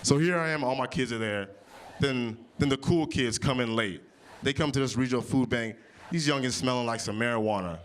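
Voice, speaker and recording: A man in his early thirties doing improvised stand-up comedy on audience topics, with big jumps in pitch when he quotes people. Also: a little fast. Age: 30s. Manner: animated, jumps high for quoted voices. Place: comedy club stage. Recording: live venue with audience.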